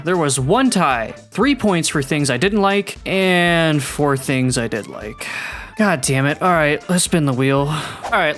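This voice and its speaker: A man's voice: on the high side, a bit bright. A young man telling stories casually in a vlog, swearing and laughing at himself. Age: young adult. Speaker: YouTuber.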